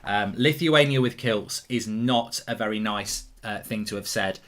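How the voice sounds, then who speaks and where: A man's voice: fairly low pitch, a little slow. An English man hosting a casual live football watchalong, chatting with viewers and breaking into jokey mock news bulletins. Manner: jokey, excitable, mock-newsreader bursts. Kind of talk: casual live-stream chat.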